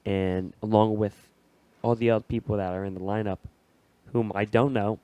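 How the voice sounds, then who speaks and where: A man hosting a podcast, raspy from a cold, talking in a laid-back, slangy way. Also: on the low side, fairly even intonation, normal speed, mellow, no echo, highs cut off. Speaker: podcast host. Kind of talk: casual podcast chat.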